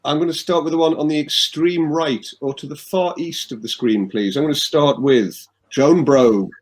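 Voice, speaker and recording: A man with a somewhat high voice rambles whimsically while playing a board game over a video call. He talks in loose, chuckling asides, stringing thoughts together with "uh". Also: normal speed, poor audio. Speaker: game player. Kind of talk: casual banter on a streamed game.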